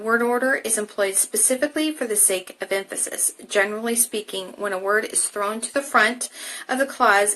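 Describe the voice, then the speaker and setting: A woman's voice: medium pitch, pushed and bright, rough recording. A young woman teaching a live Bible study, casually explaining and then reading passages aloud, with some restarts.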